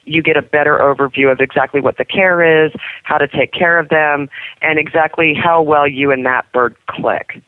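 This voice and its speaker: A woman's voice: low voice, fairly even intonation, normal speed, no echo, phone-quality sound. A woman who cares for parrots at a sanctuary, chatty and laughing often in an interview. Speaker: parrot caretaker.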